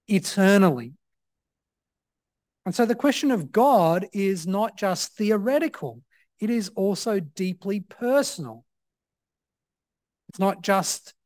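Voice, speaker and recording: A man preaching a sermon as pastor, measured and reflective, with frequent "uh" fillers. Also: high voice, dry recording, studio quality.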